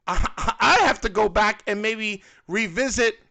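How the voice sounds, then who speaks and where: A man co-hosting a casual fan podcast, talking in an animated, rambling way with lots of fillers. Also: high-pitched, normal speed, gravelly, a crowd in the background. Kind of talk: casual panel chat.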